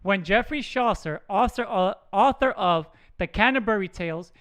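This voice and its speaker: A man's voice: sits high, lively intonation, moderate pace, fairly bright tone, clean tone. A man hosting a podcast in casual chat, joking and stumbling over words as he reads aloud. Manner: jokey, stumbles over words while reading. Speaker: podcast host.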